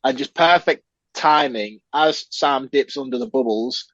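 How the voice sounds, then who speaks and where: A man's voice: mid-range voice, unhurried, fairly bright tone, no echo, muffled recording. A man co-hosting a podcast, casually recapping a film scene by scene and acting out the characters' lines. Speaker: podcast co-host. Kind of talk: casual film review chat.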